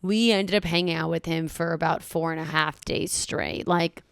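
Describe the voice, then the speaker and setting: A young adult woman comedian and podcast host, telling stories in a casual, brash and profane way, with quick mock-voiced asides. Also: low-pitched, fairly even intonation, creaky, clear, resonant tone, no room sound, studio quality.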